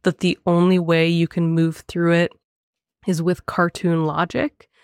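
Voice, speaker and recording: A young woman co-hosting a casual film podcast, animated and laughing often as she talks in quick bursts. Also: lowish voice, clean tone, no room sound, clean studio sound. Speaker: podcast co-host.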